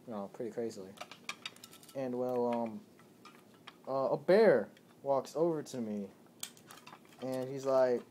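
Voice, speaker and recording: A man telling a rambling, made-up absurd story, hesitant and full of ums and "you know", mostly low-key and quiet, filmed at home on a handheld camera. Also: fairly quick. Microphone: handheld camera held by a friend. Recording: noisy home video with clattering dishes.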